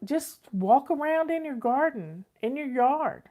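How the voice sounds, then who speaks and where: An older woman answers viewer questions in a folksy, chatty way. Her voice sits fairly high. She often says things twice for emphasis. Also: animated, a little slow, dark tone. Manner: chatty, folksy, repeats herself. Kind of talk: casual advice chat.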